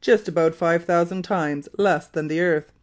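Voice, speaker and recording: A reader voicing a polite male naval lieutenant in an audiobook, speaking in a calm, matter-of-fact way. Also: mid-range voice, normal speed, lightly acted. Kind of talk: audiobook character reading.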